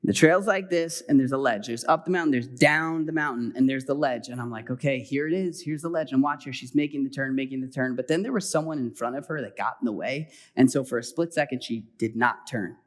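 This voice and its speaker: This middle-aged man, speaking at medium pitch, delivers a sermon as pastor while sharing something personal. His delivery is animated, alternating loud calls to the congregation with quiet, hurried side remarks.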